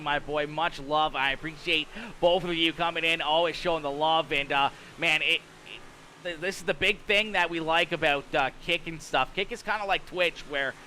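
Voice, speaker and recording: A young man streaming live sim race commentary, reading out viewer chat and shouting hype at donations. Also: on the high side, slight background noise. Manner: excitable, hypes viewers, loud shouts at donations.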